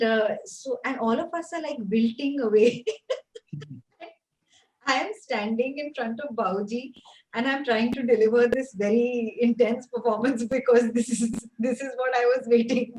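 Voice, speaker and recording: A woman, an actor guest telling stories animatedly and laughing as she talks. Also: fairly high pitch. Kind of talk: interview answers, storytelling. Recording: echoey room, faint noise.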